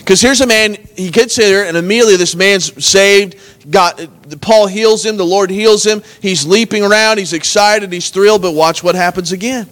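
A pastor preaches a sermon earnestly, reading scripture aloud and then retelling it in everyday words. His voice sits high with a fairly bright tone, at a normal speed.

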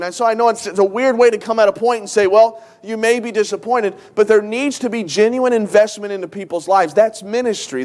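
A man's voice: sits high, darkish tone. A middle-aged man, a pastor, preaching a sermon with earnest, emotional storytelling and repeated phrases for emphasis. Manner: emotional storytelling, tearful at times.

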